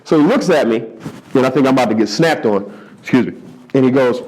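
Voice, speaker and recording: A man around forty from the Philadelphia area tells a comic story in an interview, his pitch leaping high whenever he gets excited and dropping low for the punchlines. He stays mid-range in tone, repeats words for emphasis and keeps it lively. He's seated in a studio under hot lights. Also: fast talker. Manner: animated, repeats for emphasis, jumps into high-pitched voices for quoted people. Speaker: stand-up comedian.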